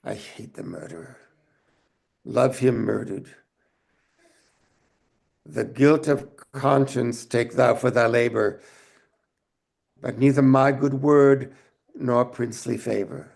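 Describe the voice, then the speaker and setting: A man's voice: mid-range voice, creaky, a little mellow. A man on a video call reading a speech in an amateur online play reading, with the hiccups. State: has the hiccups. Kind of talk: Shakespeare reading, then casual chat.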